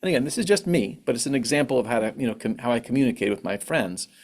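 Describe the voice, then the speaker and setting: A man giving a candid, reflective online talk on grief, now and then acting out what others said in a higher voice. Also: lively intonation, racing. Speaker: conference speaker on grief. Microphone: online presentation mic.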